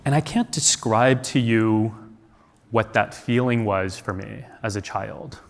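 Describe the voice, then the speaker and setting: On a large conference hall stage, an American man tells a personal story in an earnest, reflective way, asking many rhetorical questions. His voice is fairly low and gravelly, and he speaks at a measured pace. The recording carries a long hall reverb.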